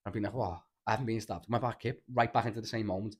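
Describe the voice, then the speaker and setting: Fast-talking Scouse man telling a story. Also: fairly low pitch. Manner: rambling, animated storytelling with lots of slang and swearing. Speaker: podcast host. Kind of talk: casual chat.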